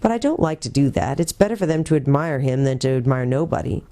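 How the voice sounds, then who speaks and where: A woman's voice: extremely low pitch, expressive, fast talker, mellow. Woman playing a kindly old magician. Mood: thoughtful. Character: kindly old male magician, fond, sleepy. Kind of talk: storybook read-aloud.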